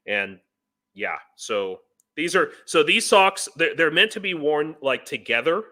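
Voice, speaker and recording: A man's voice: a little high, very animated, a little slow, bright, forceful tone. An American man, a volunteer in Ukraine, talking loosely in a casual live-stream chat and chuckling between points. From United States. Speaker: guest, foreign volunteer in Ukraine.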